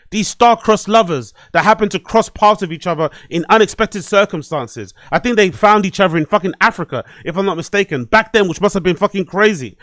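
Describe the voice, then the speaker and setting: A man with a high voice hosts a solo commentary podcast, ranting at his desk microphone. He swears freely and repeats lines for emphasis. The sound is dry and close. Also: dry recording. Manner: animated, swearing, repetitive ranting. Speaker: podcast host. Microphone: desk microphone and webcam.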